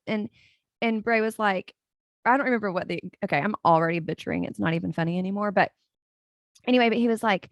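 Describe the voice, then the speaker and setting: A woman's voice: mid-range voice, fast talker, no echo, clean studio sound. A woman, chatting casually as a podcast host and telling family stories with frequent laughter. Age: 40s. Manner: chatty and storytelling, laughing often. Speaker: podcast host, life coach. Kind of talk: casual solo podcast chat.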